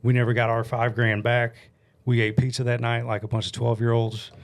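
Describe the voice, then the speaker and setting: A man in his forties from the United States, telling a story as a podcast guest in a blunt, animated way and swearing freely, into a studio mic. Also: mid-range voice, brisk, vocal fry. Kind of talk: casual storytelling chat. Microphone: studio mic on a stand.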